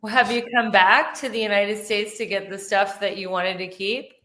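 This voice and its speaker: A woman's voice: medium pitch, fairly even intonation, moderate pace, sharp tone. Upbeat woman hosting a podcast. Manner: upbeat, encouraging. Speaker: podcast host. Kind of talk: interview hosting.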